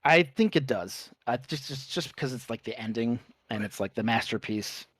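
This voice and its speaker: A man's voice: medium pitch, animated, moderate pace, a bit bright, breathy edge, dry recording. A young adult man co-hosting a casual podcast chat, talking with rambling enthusiasm and casual swearing. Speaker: podcast co-host.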